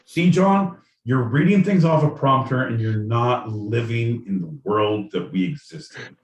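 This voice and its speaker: A man co-hosts a podcast, rambling through crude, mock-indignant riffs at a middling pitch. He sits back from the mic in an echoey room, with a faint hiss behind him. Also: lively intonation, unhurried, lo-fi sound. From Southern California. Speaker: podcast co-host. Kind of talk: casual comedic banter. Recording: roomy, distant mic with faint noise.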